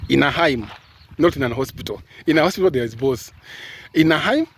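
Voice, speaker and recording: A man from Kenya speaks into a phone held at arm's length outdoors, his voice sitting a little high. He rambles in a casual vlog style, full of fillers and restarts. Faint outdoor noise sits behind him. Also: expressive, brisk. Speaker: caregiver vlogger. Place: outdoors in sunshine. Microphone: phone camera at arm's length.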